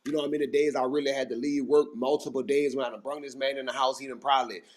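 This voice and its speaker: A man from Mississippi telling a rambling, animated story in casual chat, swearing freely and acting out what people said. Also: mid-range voice, very fast. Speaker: regular panelist. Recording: noisy audio-chat recording.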